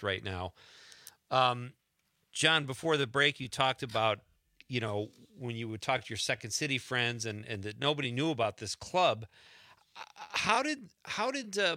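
A man's voice: mid-range voice, bright, forceful tone, dry recording, clean studio sound. A man hosting a radio talk show, chatting loosely with fillers and restarts as he interviews a guest. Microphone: studio microphone.

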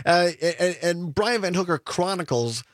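A man hosting an interview, lively and quick to laugh, asking questions and reading passages aloud. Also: sits high, no echo, studio quality. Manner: animated, laughs often, reads excerpts aloud. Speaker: radio show host.

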